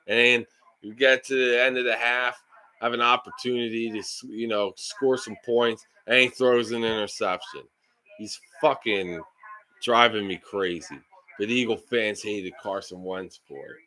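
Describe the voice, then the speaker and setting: A man's voice: on the low side, unhurried, bright, forceful tone. A man live streaming a football game, ranting and swearing in frustration at his team's play.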